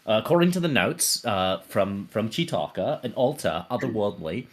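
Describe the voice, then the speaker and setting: A man's voice: on the low side, lively intonation, moderate pace. A man voicing a brash young Australian adventurer in a tabletop game, with a put-on Australian accent, rambling with fillers and calling everyone mate. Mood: recapping. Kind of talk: in-character tabletop game recap.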